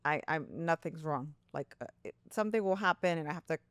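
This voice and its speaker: A woman co-hosting a casual podcast, chatty and animated, who laughs often and acts out her own thoughts in a higher voice. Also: brisk, clear, resonant tone, no echo. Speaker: podcast co-host. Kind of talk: casual chat.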